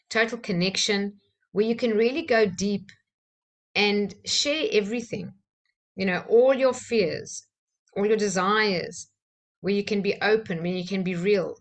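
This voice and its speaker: A woman, a personal-development trainer from South Africa, telling a candid personal story with soft laughs and fillers. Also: medium pitch.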